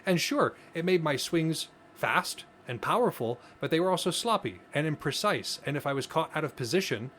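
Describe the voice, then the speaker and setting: A man's voice: on the high side, expressive, moderate pace, hardly any pauses, fairly bright tone, a little hiss or hum. A man co-hosting a podcast, explaining ideas earnestly in casual conversation, often restarting his phrases. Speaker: podcast co-host.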